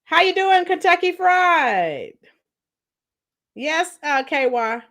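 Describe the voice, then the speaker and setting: A woman's voice: extremely high pitch, big pitch swings, slow, a bit bright. A woman casually hosting a live stream, greeting viewers by nickname and reading out their comments. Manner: chatty, greets and reads out viewer comments, laughs often.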